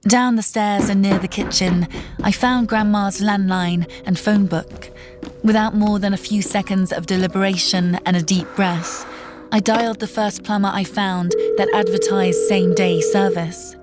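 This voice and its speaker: A woman tells a first-person horror tale in a tense, measured voice of middling pitch. Soft music runs faintly behind her. The reading is steady and scripted. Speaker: narrator.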